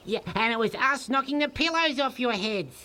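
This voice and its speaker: A woman's voice: sits high, animated, normal speed, pushed and bright. A woman voicing a cheeky, bouncy puppet creature.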